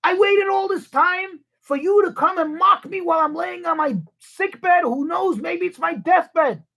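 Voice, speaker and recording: A man shouting as a furious bedridden king. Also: measured pace, exaggerated voice. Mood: outraged. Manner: high-pitched outraged shouting.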